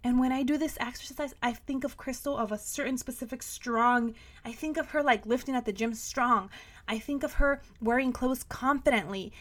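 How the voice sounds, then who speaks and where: A woman hosting a podcast, talking to the listener in an emphatic motivational pep talk that sometimes drops to a soft, guided tone. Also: fairly high pitch, moderate pace. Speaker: podcast host. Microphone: podcast microphone.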